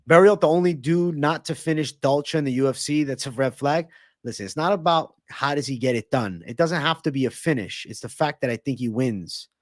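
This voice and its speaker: A young man hosting a live fight-talk stream, brash and swearing freely as he banters with viewers. His voice swings lively up and down, and the sound is dry and close with no room around it. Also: mid-range voice, dry recording. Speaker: livestream host and fight analyst. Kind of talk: casual live-stream chat.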